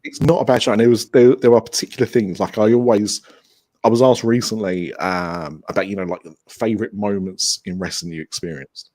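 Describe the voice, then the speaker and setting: A man's voice: lowish voice, fairly even intonation, a little fast, a little mellow. A man guesting on a podcast over a video call, talking enthusiastically in a rambling way with restarts. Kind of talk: casual remote interview chat.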